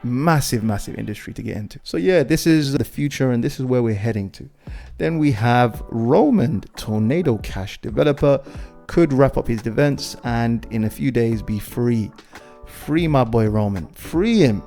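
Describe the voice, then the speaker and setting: Male channel host, mid-pitch, casual and animated news commentary, faint music bed underneath. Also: moderate pace, vocal fry. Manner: animated, repeats himself, keeps saying "guys".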